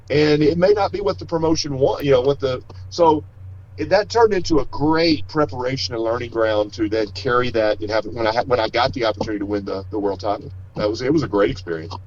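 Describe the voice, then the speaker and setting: A middle-aged man, a wrestler being interviewed, telling stories in a rambling way and often restarting his sentences. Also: medium pitch. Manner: rambling, self-correcting, storytelling. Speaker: wrestler and guest. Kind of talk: casual interview talk. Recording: slightly dull lo-fi audio.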